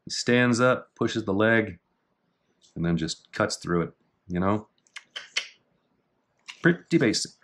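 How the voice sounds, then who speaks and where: A middle-aged man casually talking through techniques in a martial arts book, with dry offhand asides and slow, halting reading of foreign terms. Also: on the low side, fairly bright tone. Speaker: jiu-jitsu instructor reviewing a technique book. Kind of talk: casual commentary.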